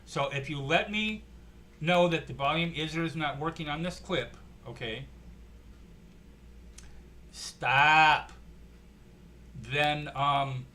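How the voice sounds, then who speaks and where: Low-key rambling man hosting clips. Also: bright, forceful tone, a little hiss or hum. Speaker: channel host reacting to clips. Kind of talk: casual commentary over played clips.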